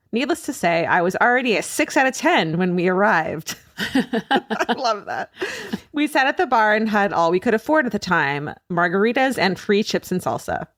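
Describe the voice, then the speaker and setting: Lively woman podcast host, dry studio. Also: mid-range voice, dry recording. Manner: animated storyteller, laughs often, swears casually. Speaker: podcast co-host reading listener stories. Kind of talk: casual comedic podcast chat.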